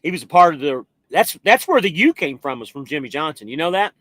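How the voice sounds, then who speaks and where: An American man hosting a trucking live stream. His voice sits a bit high, and he talks in a loose, rambling way with the odd swear. The sound is dry and close. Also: sing-song, quick pace, fairly bright tone, dry recording. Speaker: trucking livestream host. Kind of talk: casual live-stream chat reading viewer comments.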